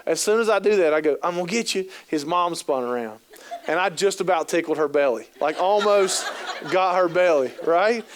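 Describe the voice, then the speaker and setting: A man's voice: fairly high pitch, expressive, moderate pace, noisy background. Upbeat man telling jokey stories on stage. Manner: jokey, acts out quoted voices, lots of fillers. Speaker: keynote speaker on youth work. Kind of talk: humorous storytelling talk to an audience. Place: conference hall.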